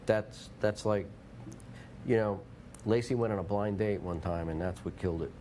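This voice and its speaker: A man's voice: lowish voice, normal speed, warm tone, a little hiss or hum. A man hosting a local TV show, rambling and joking in casual chat and slipping into playful put-on voices. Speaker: TV show host.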